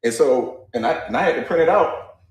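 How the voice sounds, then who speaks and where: A man's voice: mid-range voice, expressive, brisk, roomy sound. A man ranting bluntly and casually, swearing as he builds his point. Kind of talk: casual rant. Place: garage.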